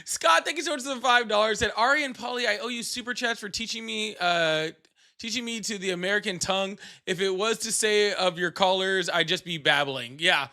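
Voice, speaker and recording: High bright-voiced man joking on a livestream. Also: a little fast. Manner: joking, teasing, laughs often. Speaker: livestream co-host. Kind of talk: casual livestream chat.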